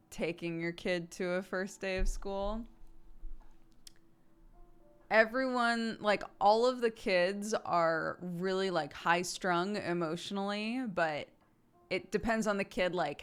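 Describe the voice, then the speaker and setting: A woman's voice: on the low side, fairly even intonation, takes it slowly, smooth. A woman in her thirties streaming at home, telling a rambling anecdote to her chat with many fillers and acted quotes.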